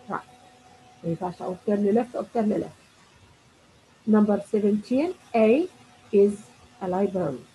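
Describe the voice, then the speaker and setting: Mellow-voiced Egyptian woman teacher. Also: medium pitch, a little hiss or hum, rough recording. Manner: reads test items aloud, then explains them in Arabic; praises imagined students with 'very good'. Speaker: English teacher. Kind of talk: exam review lesson.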